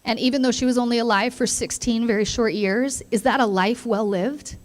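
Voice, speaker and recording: A woman's voice: on the high side, fairly even intonation, fairly quick. A young woman, a therapist, giving an earnest and emotional motivational speech to students. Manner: earnest, emotional, addresses listeners as "you guys". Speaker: keynote speaker, therapist.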